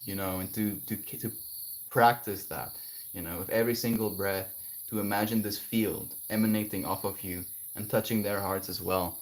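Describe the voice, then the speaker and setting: A man livestreaming, chatting gently and affectionately with viewers about kindness and spirituality. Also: steady tone, moderate pace, a little hiss or hum. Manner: gentle, spiritual, affectionate, breaks into high laughing bits. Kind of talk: casual chat reading viewer comments.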